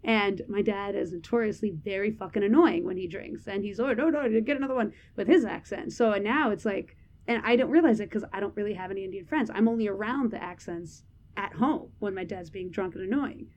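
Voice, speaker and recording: A woman's voice: mid-range voice, brisk, a little mellow. Candid rambling woman podcaster. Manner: candid, rambling with many "like"s, laughs often. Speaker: podcast co-host. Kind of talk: casual chat.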